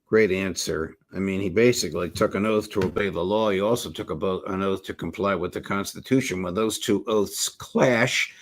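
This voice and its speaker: Low-voiced male host, measured. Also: a little hiss or hum. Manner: measured, with frequent "uh" pauses. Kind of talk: political interview show.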